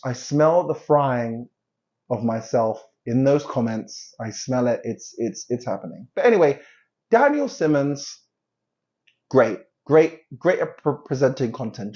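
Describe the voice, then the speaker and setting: A man's voice: mid-range voice, expressive, unhurried, darkish tone, highs cut off. A man from London hosting a casual commentary, rambling and joking at himself, often trailing off and restarting. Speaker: host.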